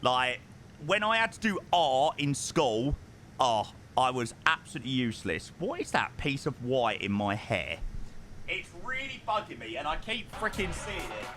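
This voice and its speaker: A man's voice: mid-range voice, very animated, normal speed, sharp tone, a little hiss or hum. A young man streaming a flight sim, chatting casually with his chat and calling people mate, his voice strained because he is losing it.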